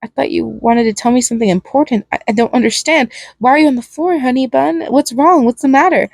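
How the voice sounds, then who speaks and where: A woman reading aloud as a volatile male killer clown from a fan fiction story. He stammers, clings and pleads, then slips into manic giggling. The voice sits fairly high and sounds close and dry. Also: fairly even intonation, fast, gravelly, darkish tone, slightly rough, dry recording. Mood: unhinged, clingy.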